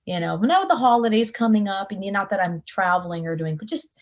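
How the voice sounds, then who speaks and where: A woman's voice: mid-range voice, fast, highs cut off. A young adult woman, a touring guitarist, chatting in an interview and acting out the people in her stories. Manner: animated storyteller, acts out quotes. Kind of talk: casual interview chat.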